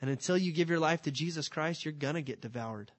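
A man preaching with emphatic energy and a slightly high voice. He keeps firing rhetorical questions at his listeners. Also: quick pace. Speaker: pastor. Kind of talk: sermon.

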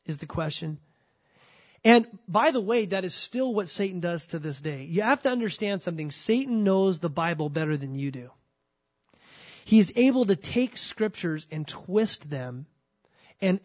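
A man preaching a sermon as pastor, emphatic and repeating words as he starts a thought, slowing down to read scripture. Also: sits high.

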